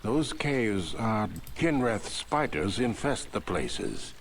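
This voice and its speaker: An actor playing an elderly male Jedi caretaker who speaks in a calm, formal, measured way. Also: fairly low pitch, a little hiss or hum, heavily acted.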